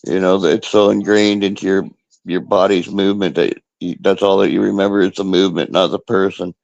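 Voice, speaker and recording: Male poetry host, low gravelly voice, loose rambling chat, dry close sound. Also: fairly quick, no echo, lo-fi sound. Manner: relaxed, rambling, many fillers. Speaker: show host. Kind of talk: casual chat about poetry.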